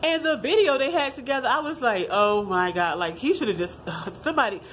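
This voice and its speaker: A woman, talking to her viewers in a fiery, profane vlog rant. Her voice sits a little high, and her delivery is animated and blunt. A faint hiss runs under the recording. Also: fast talker. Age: 30s. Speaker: vlogger. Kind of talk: casual opinion vlog.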